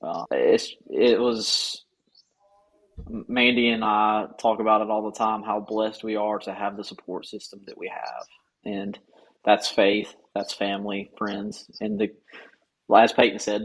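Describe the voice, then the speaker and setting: A man's voice: lowish voice, expressive, measured pace, vocal fry, fairly bright tone, breathy edge, rough recording. A man from Georgia in his thirties, speaking earnestly as a guest on a conversational podcast, often restarting his sentences. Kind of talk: casual conversational interview.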